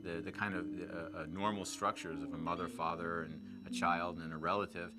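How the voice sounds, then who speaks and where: A man's voice: low-pitched, level tone, a little fast. A male actor giving a reflective interview, with frequent hesitations. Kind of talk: interview recollection. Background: music.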